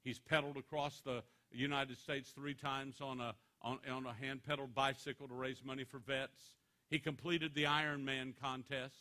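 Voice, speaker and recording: A man giving a motivational speech to students, telling stories in an animated, joking way. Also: medium pitch, normal speed. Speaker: motivational speaker.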